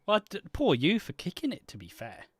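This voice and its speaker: Young british guy rambling and cursing, bouncy pitch, dry close sound. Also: wildly swooping pitch, a little fast, breathy edge, no echo. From Britain. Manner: rambling storyteller, swears a lot. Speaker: co-host of a soap opera channel. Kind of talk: live stream casual chat.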